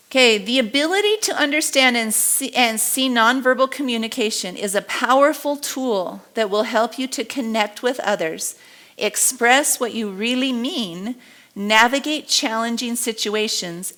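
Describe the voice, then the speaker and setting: A middle-aged woman teaching a live body language class, animated and acting out what people say. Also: on the high side. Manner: animated, acts out quotes and gestures.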